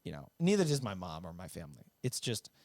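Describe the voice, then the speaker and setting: A man from upstate New York telling family stories as a guest musician, relaxed, laughing often and swearing freely. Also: lowish voice, fast, gravelly, no room sound. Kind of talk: casual storytelling.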